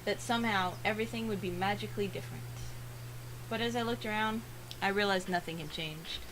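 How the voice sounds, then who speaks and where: A woman reading a visual novel aloud for a let's play, earnest, with dramatic pauses. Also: medium pitch, background noise.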